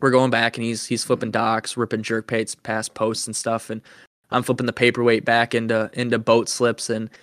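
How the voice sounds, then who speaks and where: A man's voice: mid-range voice, moderate pace, dry recording, clean studio sound. A young man hosting a podcast, telling a story in casual chat and acting out the quotes. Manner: animated storyteller, acts out quotes. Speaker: podcast host.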